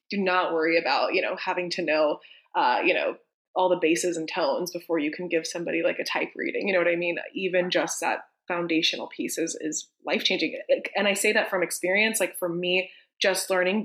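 A woman's voice: lowish voice, a bit bright. A woman co-hosting a group call, talking in a casual, enthusiastic way and laughing often.

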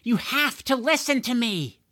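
A man's voice: extremely high pitch, very animated, moderate pace, dry recording, clean studio sound, voice pushed up, heavily acted. Man doing a frantic, pleading young hero. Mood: flustered. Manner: urgent, yelling.

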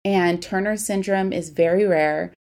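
A young woman in her twenties hosting a podcast, telling a personal story in a candid, conversational way that turns quiet and somber. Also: medium pitch, steady tone, a little slow. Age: 20s. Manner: candid, conversational, grows quiet and somber when recalling loss. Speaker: podcast host.

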